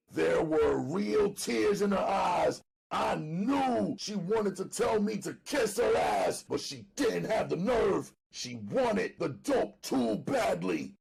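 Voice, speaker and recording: A man narrating an audiobook dramatically, loud and emphatic, often near shouting. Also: high voice, animated, slow, creaky, hardly any pauses, slightly rough.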